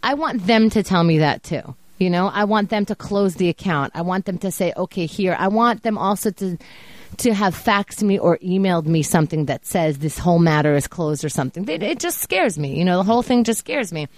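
A woman in casual chat, telling a story in an animated, profane rant. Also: lowish voice, fairly quick, no room sound.

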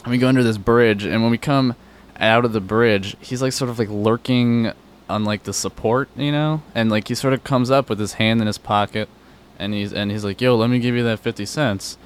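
Young guy rattling off a story, kinda low voice, swears a ton. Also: moderate pace, clean tone. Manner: rambling, filler-heavy, swears a lot. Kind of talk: casual storytelling chat.

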